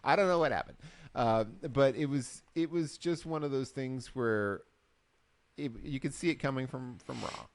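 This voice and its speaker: Animated man recapping with a co-host. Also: mid-range voice, normal speed, no room sound. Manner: animated storyteller, acts out quotes. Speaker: podcast co-host. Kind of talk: casual chat.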